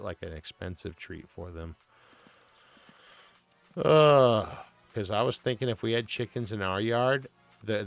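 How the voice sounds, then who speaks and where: A man on a live stream, rambling and joking with plenty of swearing. His voice has a gravelly edge and sits at an ordinary middle pitch. Faint music plays behind him. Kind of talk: casual live-stream chat.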